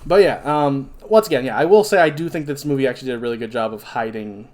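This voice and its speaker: A man's voice: medium pitch, fast talker, darkish tone. A young man co-hosting a casual podcast, recapping a horror film plot in a rambling way with many fillers. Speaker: podcast co-host. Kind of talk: casual movie review chat.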